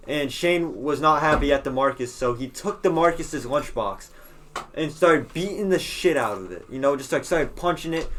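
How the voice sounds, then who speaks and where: A young man co-hosting a casual podcast, talking in a slightly high voice. He rambles through a story, swearing often and stumbling over fillers and restarts. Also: fairly bright tone, slight background noise. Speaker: podcast co-host. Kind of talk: casual chat.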